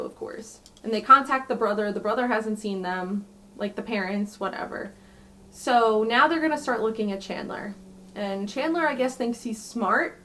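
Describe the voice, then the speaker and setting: A woman's voice: mid-range voice, fairly bright tone. Casting note: woman, true crime podcast host, casual rambling storyteller, filler-heavy, indignant asides. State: out of breath.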